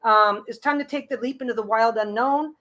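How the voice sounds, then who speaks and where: A woman's voice: a little high, fairly quick, fairly bright tone. A woman reading tarot cards on a casual live stream. She gives chatty, reassuring advice, often restarting and repeating her phrases.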